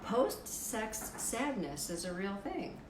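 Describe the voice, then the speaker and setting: A woman hosts a casual live stream in a deep, raspy voice, very animated but slow-paced, reading fun facts and viewer comments with wry playfulness and free swearing. The sound is reverberant over a noisy background.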